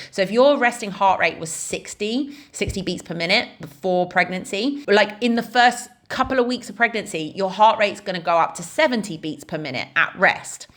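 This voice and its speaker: A woman's voice: mid-range voice, a bit bright. A woman in her thirties, a fitness coach, explaining in a casual, chatty way with lots of "like" and "right?". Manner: chatty, frequent "like" and "right?" fillers.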